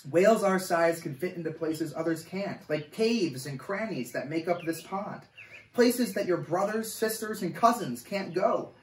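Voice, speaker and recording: A man's voice: high-pitched, lively intonation, unhurried. A man voicing a kindly little aunt whale. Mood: reassuring. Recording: echoey room, voice off-mic.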